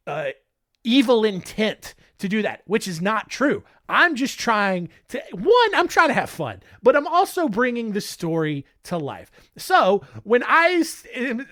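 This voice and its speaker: A man's voice: sits high, bright, forceful tone, no room sound. A man hosting a comedic storytelling podcast, rambling with joking, defensive asides and frequent laughter, on a close mic. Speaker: podcast host.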